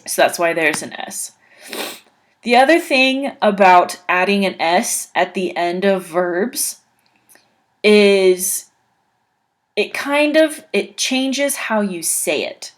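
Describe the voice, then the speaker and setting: Woman, English teacher, slow delivery, careful explanation, repeats example words. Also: medium pitch. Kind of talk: online grammar lesson.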